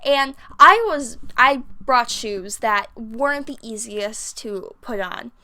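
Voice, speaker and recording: A woman's voice: a little high, slow pace. A young woman telling a rambling personal story in a casual vlog, full of fillers and restarts. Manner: rambling, filler-heavy, animated. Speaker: vlogger. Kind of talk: casual storytime over a game build.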